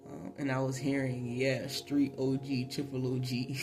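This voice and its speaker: A man giving a casual spiritual tarot reading, chatty, laughing often and filling pauses with ums. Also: medium pitch, level tone. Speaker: tarot reader. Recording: voice over clear background music.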